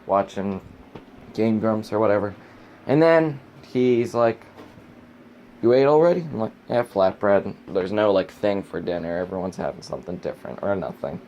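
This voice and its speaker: Young guy ranting and cussing into his cam from his bedroom, lowish voice. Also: expressive, moderate pace, darkish tone, lo-fi sound, a little hiss or hum. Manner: exasperated ranting, swearing. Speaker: vlogger. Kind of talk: casual ranting vlog.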